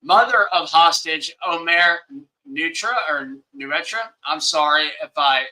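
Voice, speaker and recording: Bright-voiced Southern man ranting live. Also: on the high side, unhurried, rough recording. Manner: rambling and heated, often apologizing to viewers. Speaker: livestream host. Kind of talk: casual live-stream commentary. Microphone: webcam setup.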